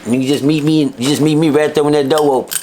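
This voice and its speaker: A man with a Texan accent, telling stories as a guest in an interview with animated, profane delivery. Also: fairly high pitch, fast, slight background noise. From Texas. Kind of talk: storytelling interview.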